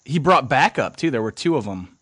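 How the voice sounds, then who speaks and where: A young man casually telling a story on a podcast, animated, swearing and acting out what people said. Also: mid-range voice, brisk, breathy edge. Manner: animated, swears, acts out quotes.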